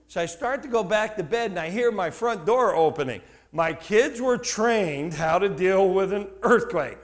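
A middle-aged male pastor telling a story in a sermon, asking the congregation questions and shouting for emphasis. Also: high-pitched, animated, moderate pace, hardly any pauses. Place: church before a congregation.

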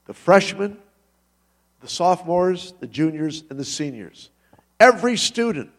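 A male pastor delivers a sermon in a church, his voice sitting a little on the high side. He tells the story with animated energy, dropping low and then surging into sudden loud rises.

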